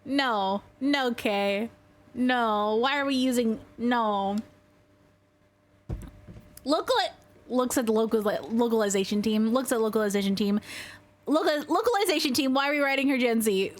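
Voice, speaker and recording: A woman's voice: fairly high pitch, a little slow, slight background noise. A young woman streaming a game, reading its lines aloud and reacting with lots of laughter. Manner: laughing, animated reactions to the story. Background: game music.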